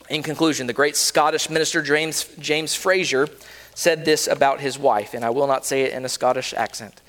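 A man preaching a sermon to a congregation in a church, earnest, rising and falling in pitch and loudness. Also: steady tone, normal speed. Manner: earnest preaching, swells and drops in pitch and volume. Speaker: pastor. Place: church sanctuary. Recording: long reverb of a church hall.

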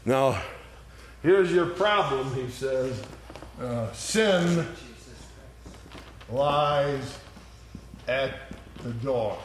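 Man, Bible study teacher, slow unhurried delivery, conversational, lively when quoting. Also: medium pitch, slight background noise. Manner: explains verses by acting out lively quoted voices; conversational, with frequent "all right?" checks.

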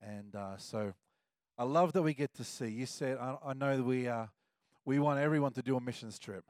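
An Australian man leads the church service with loose, chatty announcements. He often stops and corrects himself mid-phrase. His mid-pitched voice is recorded close and dry. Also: normal speed, a little mellow, no echo. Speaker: service leader.

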